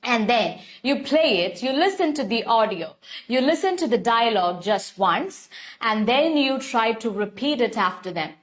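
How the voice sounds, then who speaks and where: A woman's voice: on the high side, expressive, normal speed. A young woman with an Indian English accent teaching an online English class, explaining steps at length and greeting viewers by name. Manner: repetitive, instructive, addresses viewers by name. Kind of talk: live online lesson.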